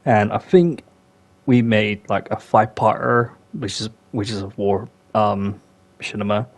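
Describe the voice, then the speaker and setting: A man's voice: fairly low pitch, unhurried. A young man hosting a podcast, chatting casually and rambling with many fillers. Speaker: podcast host.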